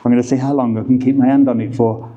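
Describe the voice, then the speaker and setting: A middle-aged travel vlogger talks fast and flat at medium pitch, joking and teasing as he films himself in an indoor ice tunnel. He's a bit short of breath; the audio is dull with slight hiss or hum, and a crowd of visitors chatters nearby.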